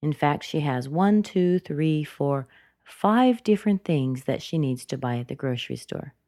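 A woman's voice: sits low, animated, unhurried, warm tone, dry recording, studio quality. A woman teaching English pronunciation, explaining patiently and repeating words to show how the intonation rises and falls. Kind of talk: slow explanatory lesson.

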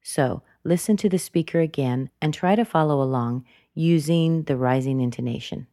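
In a dry, clean studio recording, a woman with a low, dark voice talks at a moderate pace. Giving a slow pronunciation lesson, she explains English patiently and repeats words to demonstrate rising and falling intonation.

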